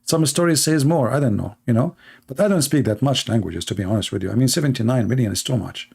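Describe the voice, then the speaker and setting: Sarcastic man, mellow voice. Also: medium pitch, fast, gravelly, breathy edge. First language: Arabic. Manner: sarcastic, teasing, broken English. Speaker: livestream host. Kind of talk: mocking live-stream commentary.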